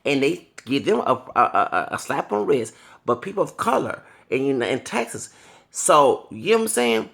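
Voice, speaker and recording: Gravelly-voiced man ranting with swinging pitch. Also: very animated, normal speed, fairly bright tone. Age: 30s. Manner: heated, profane, ranting, with repeated apologies for cursing. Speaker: vlogger. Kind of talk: angry monologue to camera.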